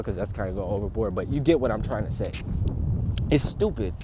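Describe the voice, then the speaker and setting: A young man livestreaming outdoors, talking in a casual, rambling, profane and animated way, often laughing. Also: medium pitch, fairly quick, breathy edge. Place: outdoors in a city.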